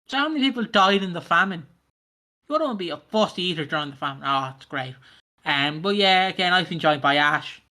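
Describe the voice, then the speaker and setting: A man's voice: on the high side, animated, brisk, bright, forceful tone. A man hosting a casual podcast chat, jokey and rambling, swearing now and then. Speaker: podcast host.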